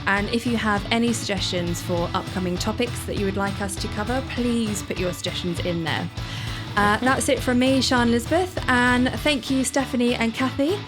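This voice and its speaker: A woman with a slightly high voice hosts a podcast and signs off in a friendly, orderly way. Clear music plays underneath her. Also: moderate pace. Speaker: podcast host. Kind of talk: casual podcast chat and sign-off.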